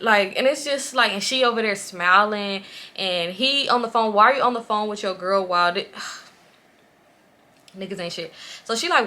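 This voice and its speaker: A young woman in her twenties telling a casual storytime in an animated, profane way, getting loud when exasperated. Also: mid-range voice, brisk. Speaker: vlogger.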